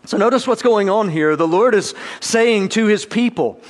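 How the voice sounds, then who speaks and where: A man's voice: high-pitched, moderate pace. A male pastor preaching a sermon in an earnest style, lifting his voice when he acts out quoted speakers.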